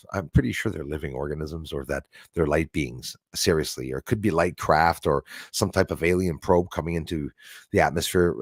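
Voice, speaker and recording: A man's voice: deep voice, dry recording, studio quality. A man hosting a casual livestream, reading viewer comments aloud, chuckling often and rambling between topics. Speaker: livestream host.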